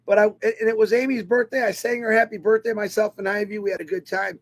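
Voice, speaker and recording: A man telling a personal story to an online webinar audience in an animated, emotional way. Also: high-pitched, fast talker. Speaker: webinar speaker.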